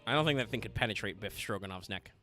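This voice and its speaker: A man's voice: lowish voice, expressive, fast, bright, forceful tone, faint music behind. A man casually commentating a story game he is playing, joking with a co-host. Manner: jokey, chatty. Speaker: let's play host.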